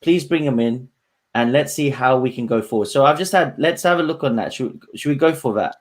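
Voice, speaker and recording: A man hosts a casual spiritual talk show. He encourages his guest and speaks in a loose, rambling way. His voice is at a medium pitch. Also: fairly quick, background noise. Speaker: host.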